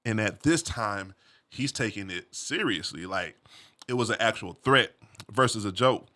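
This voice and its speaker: A man casually telling a personal story, animated, full of slang and "you feel me" asides. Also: lowish voice, normal speed.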